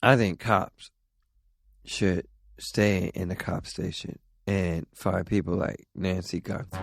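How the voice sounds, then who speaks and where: A man hosting his own vlog who talks in a rambling, profane way and slides into telling a stand-up bit. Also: on the low side. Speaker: vlog host and stand-up comic.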